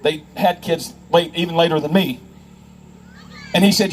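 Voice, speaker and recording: A man with a notably high voice delivers a speech to a live audience as a federal investigator. He tells emphatic stories and acts out the people in them. A faint hum of ambience sits under his voice. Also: fairly quick, a little mellow, poor audio. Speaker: federal investigator speaking on child safety.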